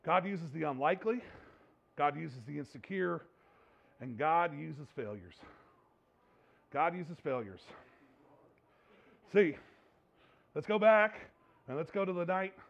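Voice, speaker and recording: A man's voice: on the high side, expressive, a little slow, creaky, pauses often, fairly bright tone. A man preaching a sermon as a pastor, in a conversational, humorous way, laughing often. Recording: dull lo-fi recording.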